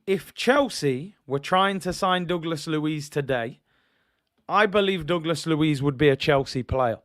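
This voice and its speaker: A fed-up man vents on a football livestream, firing question after question at the club. His voice sits fairly high and sounds close and dry, with no room around it. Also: measured pace, fairly bright tone, no echo. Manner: frustrated, rhetorical questions, reads out viewer comments. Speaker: football channel host. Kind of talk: livestream fan rant.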